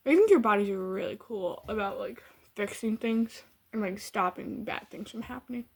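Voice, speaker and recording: A woman's voice: mid-range voice, normal speed, breathy edge. A woman from Michigan with a Midwestern accent, casually telling a story to her camera in a rambling way full of fillers and restarts. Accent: Midwestern American. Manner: rambling, heavy use of "like" and restarts. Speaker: vlogger.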